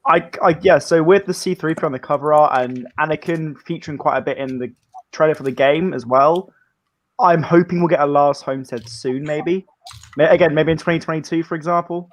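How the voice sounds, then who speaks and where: A man chatting casually as a livestream guest, musing aloud with many pauses. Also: on the high side. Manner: musing, lots of "um" and "quite cool". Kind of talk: casual chat.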